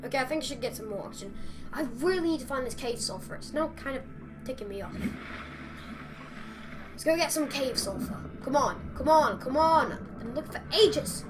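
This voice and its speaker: Music plays behind a high-pitched woman whose intonation is lively and whose pace is fairly quick. She's a gamer giving chatty, exasperated commentary while talking to the creatures on screen.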